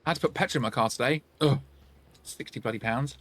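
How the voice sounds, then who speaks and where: A man streaming a game and chatting casually with his viewers, reacting out loud with sing-song asides. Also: mid-range voice, quick pace, slightly rough, dry recording. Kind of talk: casual chat while gaming, answering chat.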